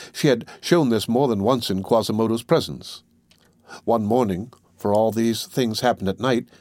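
A male audiobook narrator with a mid-range voice reads in a measured, steady storytelling manner. The sound is close and dry, with no room echo at all. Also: mid-range voice. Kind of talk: scripted narration.

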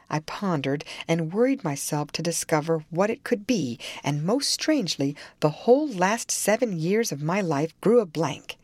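A woman's voice: sits low, a little mellow, dry recording. A woman voicing a feverish, frightened young woman in an audiobook reading, with an anxious, pleading manner.

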